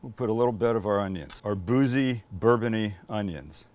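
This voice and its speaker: A man's voice: fairly low pitch, animated, brisk, background noise. A middle-aged man hosting a casual cooking demo, chatty and teasing as he cooks. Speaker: cooking show host.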